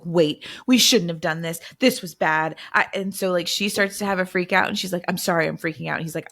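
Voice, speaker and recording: Gravelly low-voiced woman, chatty. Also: a bit bright. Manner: chatty, retells scenes with lots of "like". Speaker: podcast co-host. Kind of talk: casual book review chat.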